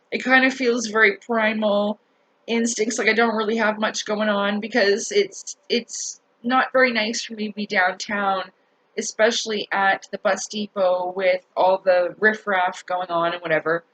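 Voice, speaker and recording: A woman telling a story in a casual rant to her viewers, animated, swearing and laughing as she talks. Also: on the high side, rough recording. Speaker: vlogger.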